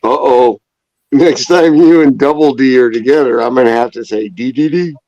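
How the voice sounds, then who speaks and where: A man's voice: medium pitch, steady tone, normal speed, warm tone, no echo. A man hosting a casual live-stream chat over a video call, joking and laughing often. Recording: dull lo-fi stream audio.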